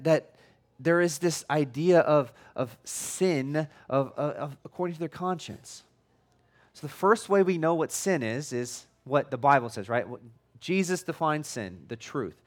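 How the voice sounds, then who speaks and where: A male pastor preaching a casual, conversational sermon, often restarting and repeating words, with a tone that can come across as loud. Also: a little high, expressive, unhurried. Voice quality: tone that can sound loud or angry.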